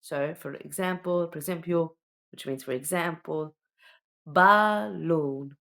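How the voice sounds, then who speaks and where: A woman's voice: low voice, vocal fry, a little mellow. A woman teaching children the alphabet, patiently sounding out each letter and often checking in with "okay?". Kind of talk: slow alphabet lesson for children.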